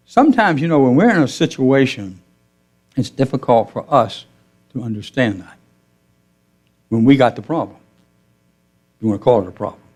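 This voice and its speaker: A middle-aged male minister giving a gentle, conversational sermon in a church, telling stories with quoted dialogue and asking his listeners questions. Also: medium pitch. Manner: conversational, asks the congregation questions. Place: church sanctuary.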